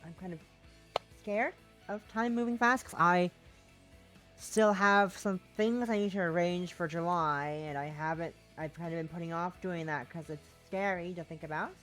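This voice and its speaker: Woman streamer, slightly low voice, sore throat, rambling casual chat over faint music. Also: moderate pace, a bit bright. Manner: rambling, self-interrupting, chatty. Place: home.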